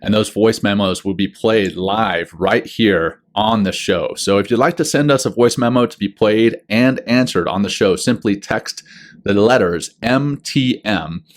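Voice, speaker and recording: A man's voice: on the low side, a little slow. A man co-hosting a podcast, upbeat and chatty as he runs through the show's announcements. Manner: upbeat, plugs the show's channels. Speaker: podcast co-host. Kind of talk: casual podcast chat with show announcements.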